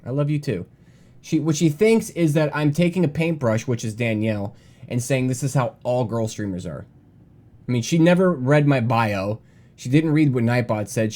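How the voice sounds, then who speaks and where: Young male game streamer, mid-pitched, defensive, rambling live commentary broken up by chat shout-outs.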